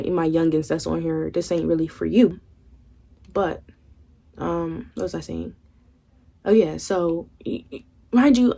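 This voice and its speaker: A woman's voice: on the low side, vocal fry, warm tone. A young woman vlogger telling a candid storytime, swearing freely and acting out what her friends said. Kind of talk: casual storytime.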